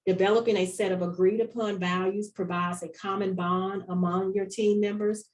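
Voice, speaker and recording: A woman's voice: medium pitch, little pitch movement, normal speed, a little mellow, far from the mic, low-quality recording. A woman with a Southern US accent giving an online conference presentation, earnest and repeating key phrases for emphasis. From North Carolina. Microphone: video call.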